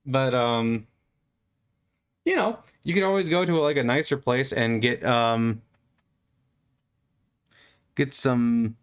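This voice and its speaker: A man talks his way through a video game in a loose, playful ramble. He stammers and fills pauses with ums and likes, and his voice sits at an ordinary middle pitch. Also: smooth. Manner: playful, meandering, stammering, with frequent fillers. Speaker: gamer. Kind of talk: rambling gameplay commentary.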